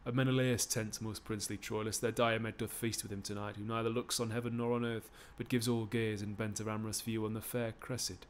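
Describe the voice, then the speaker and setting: Man reading a shrewd courteous counsellor, measured, low, stream reading. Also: little pitch movement, slight background noise, natural voice. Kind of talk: live-streamed Shakespeare reading.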